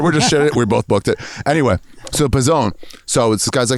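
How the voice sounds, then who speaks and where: A middle-aged man tells his stories with real animation, his pitch rising and falling widely as he acts out the people in them. The sound is close and dry. It is casual chat outdoors. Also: quick pace, no room sound. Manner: animated, acts out voices in stories, laughs often. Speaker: comedian podcast co-host. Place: outdoors in a tobacco field.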